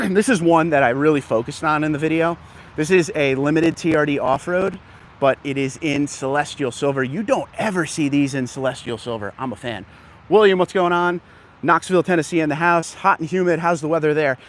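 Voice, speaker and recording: On the high side and brisk, a man's voice leads a casual live stream as he walks an outdoor dealership lot. He says hello to viewers by name, a little breathless from moving, over faint outdoor background noise.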